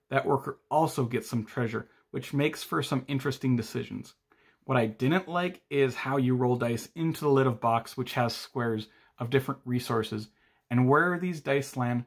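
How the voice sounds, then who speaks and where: A man narrates short board game reviews from a script, his voice sitting at an ordinary middle pitch. He reads in a steady, matter-of-fact way, like a channel host giving ratings.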